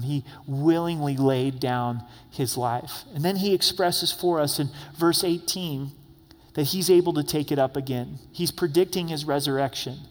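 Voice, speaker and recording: A male pastor delivering a sermon, reading scripture aloud verse by verse and addressing the congregation directly with light humor. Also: fairly high pitch. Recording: long echoey hall reverb.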